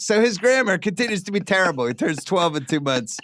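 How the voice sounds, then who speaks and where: A man's voice: high voice, very animated, quick pace, hardly any pauses, fairly bright tone, no room sound. A middle-aged man hosting a podcast, telling anecdotes in casual chat with dry, wry humor. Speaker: podcast host.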